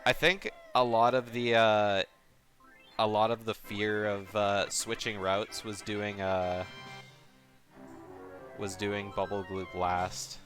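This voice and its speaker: Man, commentator, lowish voice, casual, chatty, giggly, filler-heavy. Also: takes it slowly, long pauses, faint music behind. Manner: relaxed, chatty, laughs often, many fillers. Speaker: race commentator.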